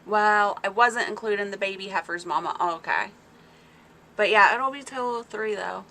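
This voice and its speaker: Bright-voiced chatty woman on a livestream. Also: mid-range voice, moderate pace. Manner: excitable and chatty, reads viewer comments aloud. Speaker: small-farm livestream host. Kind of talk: casual livestream chat with viewers.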